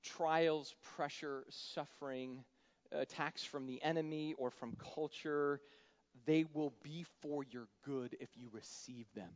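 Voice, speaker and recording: A man preaching a sermon in a conversational style, moving between loud emphatic lines and soft, quiet ones. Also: fairly high pitch, fairly even intonation, slow. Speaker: pastor. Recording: dull lo-fi sound.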